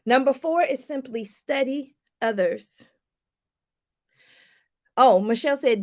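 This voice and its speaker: A woman life coach giving a lively motivational talk to viewers, calling them y'all. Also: high voice, slow, pauses often. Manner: animated, preachy, addresses viewers as y'all.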